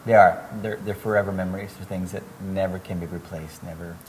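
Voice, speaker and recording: A man's voice: sits low, steady tone, fairly quick, a little hiss or hum. A male podcast host asking questions in short, friendly prompts and signing off the episode. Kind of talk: casual interview talk.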